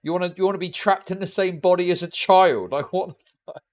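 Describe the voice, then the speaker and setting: A man's voice: high voice, quick pace. A young man streaming live reaction commentary, profane and mocking with sarcastic asides.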